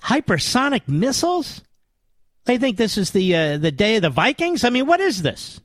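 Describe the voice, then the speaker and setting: A man's voice: high voice, sing-song, moderate pace, no room sound. A man hosting a political talk radio show, delivering a combative, indignant monologue with emphatic repetition.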